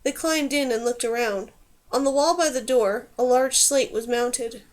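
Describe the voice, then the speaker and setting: A woman reading a fantasy novel aloud in steady, clear scripted narration. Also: a little high, moderate pace. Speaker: audiobook reader.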